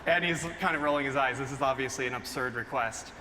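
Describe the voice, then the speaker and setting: A young man, a photographer, telling an excited and emotional story to a live audience, getting choked up as he talks. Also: mid-range voice, quick pace. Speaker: photographer presenting his work. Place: large hall with a live audience. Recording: long hall reverb, faint room noise.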